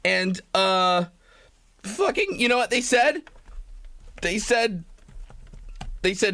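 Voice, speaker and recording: High, bright-voiced man ranting on stream. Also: very animated, unhurried, pauses often. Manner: rambling, profane, self-pitying, breaks into laughter. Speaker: live streamer. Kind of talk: comedic live-stream rant.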